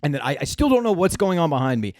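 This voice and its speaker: A young man co-hosting a comedy podcast, telling an animated, profane story in casual chat. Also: fairly high pitch, quick pace, dry recording, studio quality.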